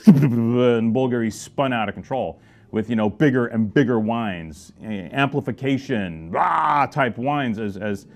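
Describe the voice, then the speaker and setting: A middle-aged man giving a casual wine review, animated and joking, with sudden loud exclamations. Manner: animated, joking, exclaims loudly, swings pitch and volume. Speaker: wine shop presenter.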